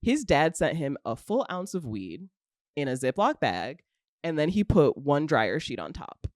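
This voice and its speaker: Podcast guest, woman, thirties; animated anecdote with voices, very lively pitch, dry. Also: unhurried, no room sound. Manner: animated, acts out voices, laughs often. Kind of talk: casual storytelling chat.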